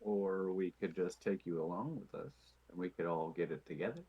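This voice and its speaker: A man's voice: deep voice, expressive, normal speed, breathy edge. A man playing a tabletop game, teasing and poking at the other characters. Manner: teasing, likes to poke at people. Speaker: player. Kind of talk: tabletop role-play in character. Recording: dull lo-fi audio.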